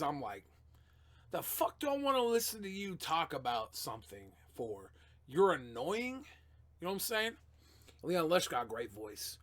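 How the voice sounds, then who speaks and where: A man's voice: on the high side, pushed and bright. A man chatting loosely on a live stream, swearing and swapping gossip in an offhand, storytelling way. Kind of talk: casual live-stream chat.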